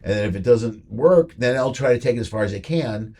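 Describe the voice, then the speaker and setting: A man's voice: medium pitch, fairly quick. A man hosting a comedy podcast, chatting casually and acting out the people in his stories. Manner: animated storytelling, acts out quoted voices. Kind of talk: casual chat.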